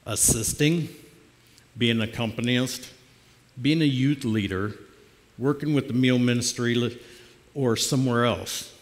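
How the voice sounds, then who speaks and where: Plainspoken lay preacher, man, in a reverberant church. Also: on the low side. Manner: plainspoken, conversational storytelling. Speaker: lay preacher filling the pulpit. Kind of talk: personal testimony sermon. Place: church sanctuary.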